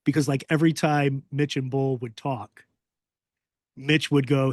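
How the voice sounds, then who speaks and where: A man's voice: medium pitch, unhurried, dry recording, clean studio sound. A man hosting a podcast, telling stories in casual chat and acting out quoted voices with gusto. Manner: animated storyteller, acts out quoted voices loudly. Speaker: podcast host.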